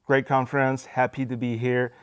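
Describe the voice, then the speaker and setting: A man's voice: mid-range voice, level tone, normal speed, smooth, no room sound, clean studio sound. A man hosting a casual backstage interview at a conference, upbeat and chatty with frequent filler words. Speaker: podcast host. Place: conference venue in a cinema.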